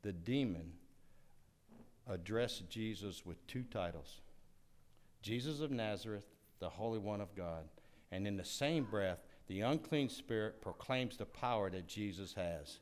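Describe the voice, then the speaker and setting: A male pastor preaching a sermon, swinging dramatically from loud declarations to hushed asides. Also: fairly low pitch, lively intonation, unhurried.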